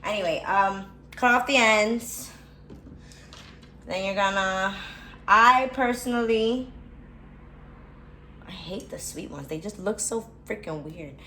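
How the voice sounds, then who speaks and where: A woman's voice: mid-range voice, takes it slowly, long pauses, bright, forceful tone. A young woman, cooking at home in a casual vlog, complaining dramatically, swearing, and talking to her viewers. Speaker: vlogger. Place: home kitchen. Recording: echoey room with faint background noise.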